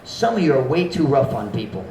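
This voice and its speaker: A man who is a pastor, preaching an animated sermon that mixes English and Cebuano and acts out harsh tones of voice. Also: medium pitch, a little fast, roomy sound, a little hiss or hum, low-quality recording. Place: church sanctuary.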